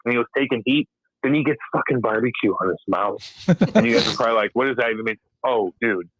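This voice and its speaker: In a dry, rough recording, a man with a medium-pitched, fairly bright, breathy voice speaks fast. Once a hockey enforcer, he chats as a guest, cursing bluntly, laughing frequently, and acting out exchanges from years ago.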